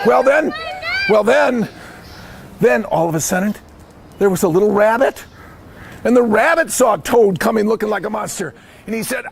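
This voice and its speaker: A high-voiced man with a gravelly rasp tells a picture-book story to children. He narrates with animated bursts of shouting and keeps quizzing his young listeners. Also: normal speed. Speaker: head of school, storyteller.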